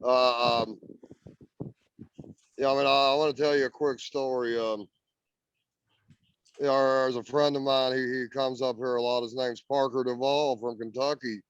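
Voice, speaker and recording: A man's voice: mid-range voice, steady tone, measured pace, pauses often, clear, resonant tone, dry recording, lo-fi sound. A man from Indiana, a guest earnestly telling a story in casual chat, often repeating words as he goes. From Indiana, USA.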